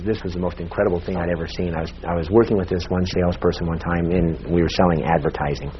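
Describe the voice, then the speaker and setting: A man teaching a sales seminar in a lively, emphatic way, laughing often. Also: lowish voice. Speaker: sales trainer. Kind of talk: live seminar talk. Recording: dull lo-fi tape with faint hiss.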